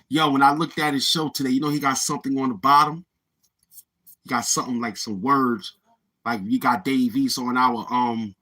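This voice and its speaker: A man's voice: medium pitch, sharp tone, husky. A middle-aged man with a Brooklyn accent hosting a livestream in casual chat, answering viewers in streetwise slang and repeating himself. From Brooklyn, New York. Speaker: livestream host reading chat.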